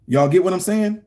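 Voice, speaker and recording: A man's voice: fairly high pitch, a little mellow. A middle-aged man giving a casual commentary rant, emphatic and preachy, repeating his points. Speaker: political commentary vlogger.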